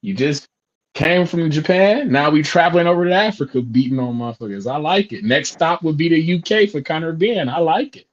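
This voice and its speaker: A man's voice: on the high side, lively intonation, fairly quick, highs cut off. A man talking boxing in loose, profane, laughing banter on a live fight chat.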